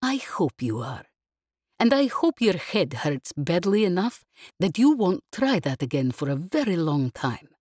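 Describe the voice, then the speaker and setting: A woman voicing a blunt, flat-spoken woman crewmate who leans hard on her words in an audiobook. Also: fairly low pitch, measured pace, husky, dry recording, clean studio sound, full character voice. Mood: stern. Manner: flat, forbidding, emphatic.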